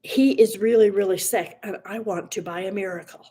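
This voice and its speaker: A woman's voice: medium pitch, fairly even intonation, moderate pace, mellow, husky. A woman reading a determined little girl's pleading lines. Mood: earnest pleading. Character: determined little girl pleading for her brother.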